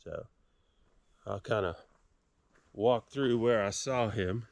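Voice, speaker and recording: A middle-aged man speaks outdoors at a campsite into a camera-mounted mic. His voice is fairly low and mellow. He tells his story casually and rambles, with frequent fillers and restarts. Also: takes it slowly, creaky, dry recording. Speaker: outdoor vlogger.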